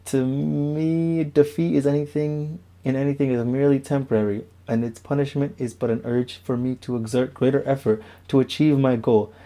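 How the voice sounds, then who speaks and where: In this casual room-tour vlog recorded at home, a young man wanders verbally around his bedroom walls in a loose, self-mocking way on a camera mic. He speaks at medium pitch with a level, mellow tone, at normal speed and with few pauses.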